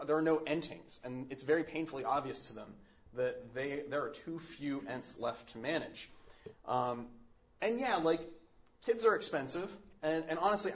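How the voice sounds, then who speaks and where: A Catholic man giving a casual teaching talk. He speaks in a thoughtful, earnest way, with many "um"s and restarts. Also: a little high.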